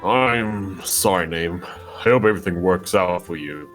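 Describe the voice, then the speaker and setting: A man reading visual novel dialogue aloud with friends over voice chat, with brisk, friendly line reading. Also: low voice, fairly bright tone, faint music behind.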